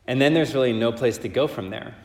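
A man reads the gospel aloud and then preaches a homily in a relaxed, chatty way with plenty of fillers. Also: medium pitch, quick pace. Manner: casual, conversational preaching with many fillers. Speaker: priest. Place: church. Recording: echoey church with long reverb.

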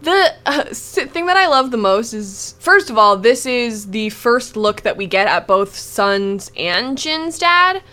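A woman's voice: fairly high pitch, big pitch swings, a little slow, few pauses, pushed and bright. A woman hosting a casual podcast chat, talking in a chatty, enthusiastic way with lots of fillers. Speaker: podcast host.

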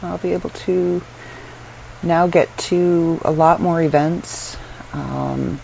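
Speaking from her bedroom, a middle-aged Canadian woman vlogs to camera, sounding tired and unwell as she rambles along with plenty of ums and small laughs. Her voice is fairly low and darkish, with vocal fry, fairly flat intonation and a slow pace. The lo-fi recording is dull, with faint room noise in the background.

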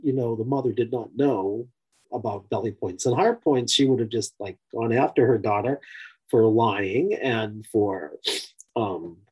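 Guy telling a story in a lecture, husky mellow voice, lots of ums and asides. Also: medium pitch, unhurried, low-quality recording. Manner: loose and conversational, with many fillers, restarts and asides. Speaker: teacher of a personality-type framework.

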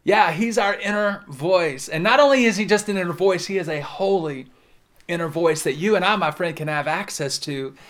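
A man preaching a sermon, moving from loud emphatic lines to soft, slowed-down words as he speaks straight to his listeners. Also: sits high. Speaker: pastor.

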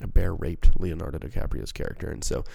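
Male podcaster, very deep gravelly voice, dark tone, loose profane rambling. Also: steady tone, fairly quick, no room sound. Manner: rambling, profane, self-mocking. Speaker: podcast host. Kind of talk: casual solo podcast chat. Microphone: handheld microphone.

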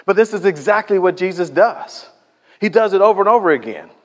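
A man preaching in a church, his fairly high voice carried by a long hall echo. He tells stories in a loose, conversational way and acts out the people he quotes. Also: animated, a little fast. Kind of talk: sermon. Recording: echoey hall reverb.

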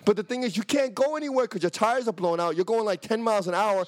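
A man telling a wild story in casual chat, profane and animated, acting out what people said. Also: fast talker. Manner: animated, profane, acts out quotes in a high voice.

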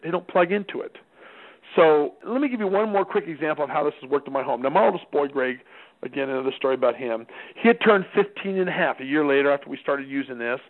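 A middle-aged man tells family stories in a folksy parenting talk, slipping into quick voices for the people in them. His voice sits a little high for a man. The sound is thin and tinny, like a phone line heard over the radio. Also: creaky. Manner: acts out dialogue with changing voices. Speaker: parenting speaker.

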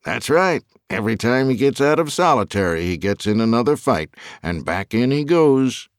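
A man voicing a matter-of-fact male assistant warden in an audiobook, flat and unimpressed. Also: mid-range voice, normal speed, smooth, no room sound, studio quality, pitched above the performer's own voice.

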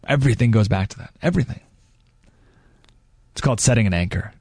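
Animated, emphatic male radio host. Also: on the low side, quick pace, slightly rough, dry recording, clean studio sound. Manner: emphatic, animated, rhetorical questions. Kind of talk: talk radio commentary.

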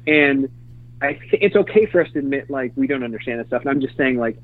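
A man's voice: medium pitch, animated, fast talker. A middle-aged man telling candid stories in a casual interview, rambling with many fillers and restarts. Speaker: interview guest, former publicist. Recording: dry, phone-like lo-fi sound.

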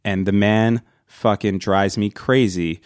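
A man's voice: on the low side, steady tone, slow pace, darkish tone, dry recording, studio quality. Profane, exasperated man ranting on a podcast. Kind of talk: casual comedic storytelling.

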